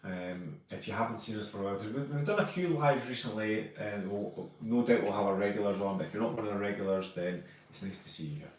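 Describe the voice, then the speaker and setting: A man's voice: fairly low pitch, quick pace, few pauses, very echoey, far from the mic. A Scottish man co-hosting a casual live stream, chatting and greeting viewers by name as he reads their comments. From Scotland.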